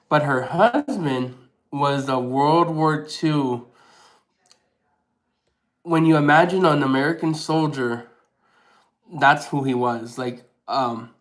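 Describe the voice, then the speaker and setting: A man chats casually with his viewers while he eats on camera. He takes his time with each thought and answers comments in a relaxed, unhurried way. He laughs often. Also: medium pitch. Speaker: mukbang host. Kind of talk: casual live chat while eating.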